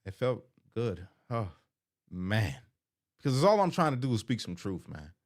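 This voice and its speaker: Casual low-voiced man chatting live. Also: sing-song, normal speed. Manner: casual, talkative, reads viewer comments aloud and answers them. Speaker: live stream host reading chat. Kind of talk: casual live stream chat.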